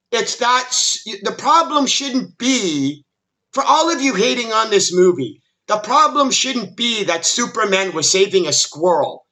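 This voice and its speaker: A man's voice: very high voice, pushed and bright. A man giving an exasperated, emphatic movie critique monologue, often restarting his sentences as he rants. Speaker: film commentary YouTuber.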